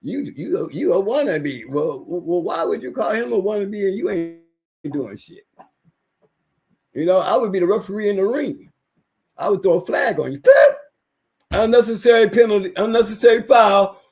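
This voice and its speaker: A man's voice: sits high, very animated, moderate pace, darkish tone, husky. A man who has been sick, ranting emphatically in a casual livestream chat, repeating himself for weight. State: recovering from illness. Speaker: livestream guest.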